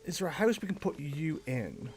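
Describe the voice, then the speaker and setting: A man's voice: on the high side, moderate pace. A man chatting casually and animatedly while streaming a game, talking to his viewers and to the game's characters. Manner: chatty, animated, laughs often, talks to chat and game characters. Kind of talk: casual livestream chat.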